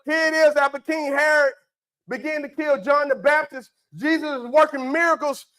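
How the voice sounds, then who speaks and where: A man's voice: extremely high pitch, fairly even intonation, normal speed, bright, forceful tone, rough recording. A man preaching a folksy sermon, with call-and-response asides to the congregation. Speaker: pastor. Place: church.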